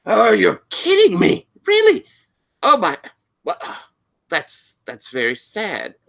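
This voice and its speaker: A game master voicing an excitable older male librarian who is fascinated by the occult. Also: medium pitch, slow pace, gravelly, voice pushed up, exaggerated voice. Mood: astonished. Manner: fluttery, breathless with fascination.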